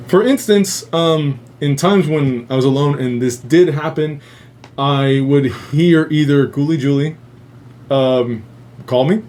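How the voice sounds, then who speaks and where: A man's voice: fairly high pitch, measured pace, a little mellow. Rambling, swearing man hosting a casual stream. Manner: rambling, heavy swearing, laughs often. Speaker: host. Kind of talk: casual live-stream chat.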